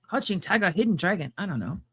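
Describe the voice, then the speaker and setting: A woman's voice: fairly low pitch, expressive, fast, fairly bright tone, husky. A woman co-hosting a podcast, teasing and laughing through casual banter. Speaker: podcast co-host.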